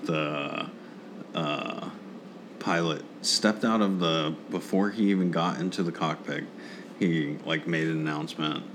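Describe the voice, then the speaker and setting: A man's voice: a bass voice, fairly even intonation, measured pace, background noise. A man in casual chat, rambling through stories and laughing often.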